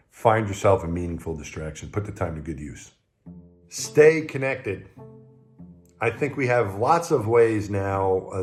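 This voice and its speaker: A man who was an astronaut, telling personal anecdotes to the camera in a relaxed conversational way. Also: deep voice. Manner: anecdotal, conversational, warm retelling with acted quotes. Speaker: retired astronaut. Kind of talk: storytelling talk to camera.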